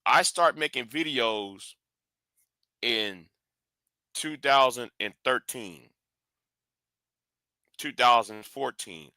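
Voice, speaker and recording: A man's voice: medium pitch, takes it slowly, long pauses, pushed and bright, no room sound, clean studio sound. A man hosting a live stream, speaking bluntly and confrontationally, often restarting and repeating words.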